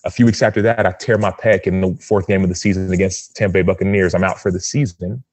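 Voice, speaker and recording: Here a man in his thirties, guesting on a podcast, relates a personal experience earnestly and animatedly, acting out what people said. His voice sits low, he talks fast, and the recording is dry.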